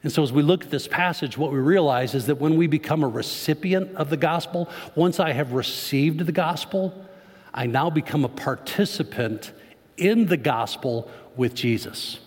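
A man's voice: a little high, normal speed. A man preaching a sermon to his congregation, speaking conversationally and tossing questions to the crowd. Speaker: pastor. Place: church sanctuary. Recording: long church reverb.

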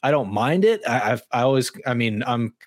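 A man's voice: mid-range voice, animated, a little fast, no room sound, studio quality. A young man co-hosting a casual podcast, telling stories with lots of fillers and restarts. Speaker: podcast co-host. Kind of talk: casual chat.

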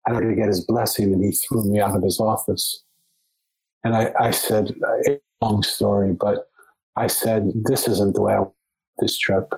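A man's voice: fairly low pitch, slightly rough, rough recording. A man, a podcast guest, telling a long story in conversation, often restarting and repeating words as he goes.

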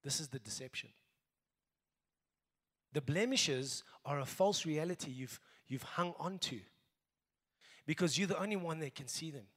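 South african guy preaching, emphatic then quiet, big echoey church hall. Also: a little high, measured pace, pauses often. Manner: emphatic, swinging between raised exhortation and quiet asides. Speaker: pastor. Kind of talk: sermon.

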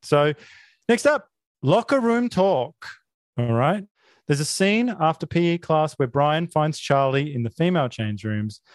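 A man hosting a film podcast, talking in a sarcastic, mock-outraged deadpan. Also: a little high, no room sound, studio quality. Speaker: podcast host. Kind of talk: casual film review chat.

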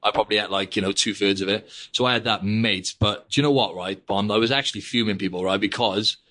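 Young guy hosting a podcast, talks super fast, rambly and chatty, kinda low voice. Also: pushed and bright. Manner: chatty, rambling, drops "mate" and "like" constantly. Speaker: podcast host. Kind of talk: casual podcast chat.

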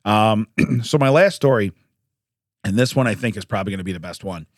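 A man hosting a podcast, chatting casually through news stories and laughing and clearing his throat often. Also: on the low side, a little fast, no room sound, studio quality. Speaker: podcast host.

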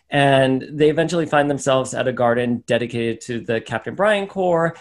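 A man's voice: mid-range voice, moderate pace, few pauses. A man co-hosting a podcast, giving a casual recap of a comic book issue and acting out the characters' lines along the way. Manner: animated storyteller, acts out character quotes. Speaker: podcast co-host.

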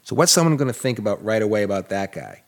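Earnest low-voiced Boston man. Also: lively intonation, quick pace. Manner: earnest, repetitive restarts, long explanations. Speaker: co-host and book co-writer. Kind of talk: casual chat.

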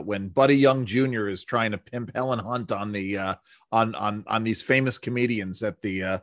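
A man's voice: on the low side, a bit bright, no room sound, studio quality. A man from the Bronx hosting an interview, reacting enthusiastically and often apologizing for cutting in. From the Bronx, New York. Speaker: podcast host. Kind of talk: casual interview chat.

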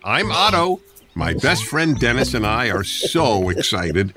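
A man reading a storybook as a cheerful young male dog, in a flat and unvaried reading voice, with background music. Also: medium pitch. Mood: chipper. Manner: reads words evenly, no pauses or voice changes.

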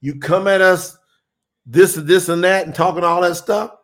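A man's voice: high voice, fairly even intonation, normal speed. A man hosting a livestream, teaching on scripture and reading out viewer comments in an emphatic, insistent way. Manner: emphatic, insistent, laughs often.

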